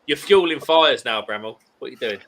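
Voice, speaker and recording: A man's voice: mid-range voice, animated, brisk, fairly bright tone. A man in his thirties co-hosting a casual late-night live stream chat, reading viewer comments and ranting animatedly.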